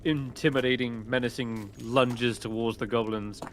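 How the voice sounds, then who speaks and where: A man narrating a tabletop game as game master, lively and quick to laugh. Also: mid-range voice, noisy background.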